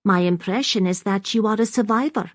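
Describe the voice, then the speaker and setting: A woman voicing a refined young Highland woman with a soft, lilting Scottish accent, sly and teasing. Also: fairly quick, no echo, clean studio sound, lightly acted.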